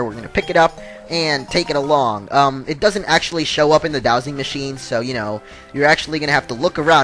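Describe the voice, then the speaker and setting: A man's voice: medium pitch, fairly bright tone. A man hosting a video game playthrough, chatting casually with rambling asides and lots of fillers. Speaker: let's play host. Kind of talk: casual gameplay commentary.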